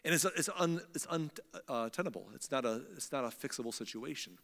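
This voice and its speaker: A man preaching a sermon, retelling scripture in a lively, conversational storytelling way. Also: medium pitch, fairly quick, vocal fry, in a large hall.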